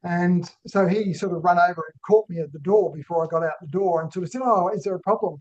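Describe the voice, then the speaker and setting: A man's voice: sits high, fairly even intonation, quick pace, darkish tone. A man presenting a business webinar. He talks in a conversational way and keeps checking in with "right?". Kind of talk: business webinar talk with personal story. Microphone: online call microphone. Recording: dull lo-fi webinar audio.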